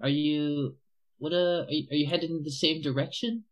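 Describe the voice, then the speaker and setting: A worried village wife, put on by a man running a tabletop game. The voice rises a little above his usual pitch and stays anxious and polite. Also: fairly even intonation, moderate pace, close to an everyday voice.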